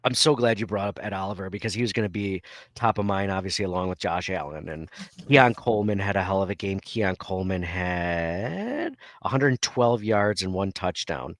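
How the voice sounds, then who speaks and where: A man's voice: sits low, lively intonation, normal speed, no room sound, clean studio sound. A man in his forties co-hosting a casual sports podcast, rambling and laughing as he acts out little quotes. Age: 40s. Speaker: podcast co-host.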